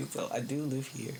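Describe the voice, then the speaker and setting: A woman's voice: rumbling low, heavy background noise. A young woman giving a casual tarot reading, slangy and profane, laughing often. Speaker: tarot reader.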